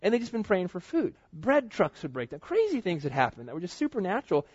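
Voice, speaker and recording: A man preaching a sermon, telling personal stories in a casual, slangy, animated way. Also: sits high, fast talker, breathy edge. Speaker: pastor. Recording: dull lo-fi recording.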